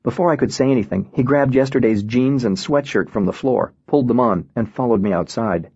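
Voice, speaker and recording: A man reading a first-person novel aloud in an even, reflective way. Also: mid-range voice, a little fast, slightly rough, no echo. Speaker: audiobook narrator. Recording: dull, dry lo-fi recording.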